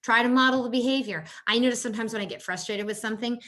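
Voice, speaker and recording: A woman health coach giving a workshop presentation on caregiver stress. She talks conversationally, often tagging "you know" and "right?", and acts out quoted exchanges in a higher voice. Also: rapid-fire, fairly bright tone.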